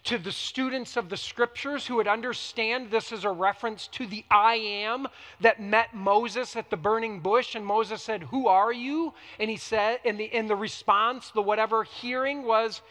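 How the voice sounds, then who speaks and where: A male pastor delivering a sermon in a high, bright voice. He moves from hushed, drawn-out phrases to sudden emphatic peaks. The sound carries a long reverberant tail from the hall. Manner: dynamic preaching, swinging between hushed and emphatic.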